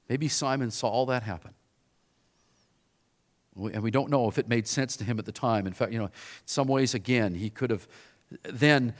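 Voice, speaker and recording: A man preaching a sermon, retelling a scripture scene with animated storytelling and acting out the bystanders' voices. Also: medium pitch. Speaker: pastor.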